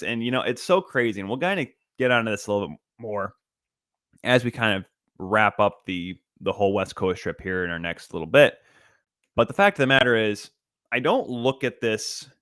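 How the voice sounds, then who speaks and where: A man hosting a solo podcast, recapping games in an energetic, chatty play-by-play way with frequent asides and restarts. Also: on the low side, dry recording, clean studio sound. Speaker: podcast host.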